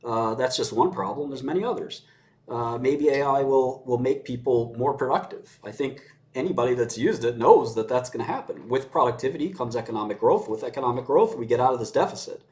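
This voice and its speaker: A man's voice: medium pitch, expressive, brisk, darkish tone. A man giving his views in casual conversation, blunt and sardonic, often laughing as he mocks. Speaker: commentator. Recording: roomy echo.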